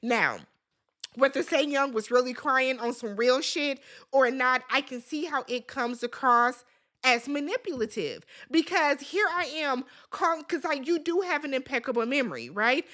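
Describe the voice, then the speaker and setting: A woman hosting a casual recap vlog, talking in an animated, gossipy and emphatic way and swearing freely. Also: high-pitched, moderate pace. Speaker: reality TV recap host.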